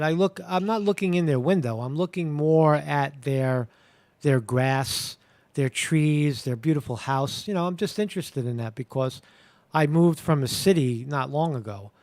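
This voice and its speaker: A man's voice: on the high side, animated, moderate pace, gravelly, a little mellow, no echo. A man hosting a live show, talking in a rambling casual monologue that repeats words and swears now and then.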